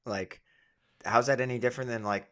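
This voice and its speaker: A man, a fighter and co-host, chatting casually about fight betting in a relaxed way, thinking aloud with many asides. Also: mid-range voice, a little fast. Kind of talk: casual sports betting chat.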